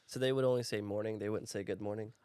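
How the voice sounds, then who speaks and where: A tired man hosting a casual podcast, easygoing and quick to laugh, asking short questions. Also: fairly low pitch, fairly even intonation, darkish tone, clean tone, dry recording, clean studio sound. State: tired, yawning. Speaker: podcast host.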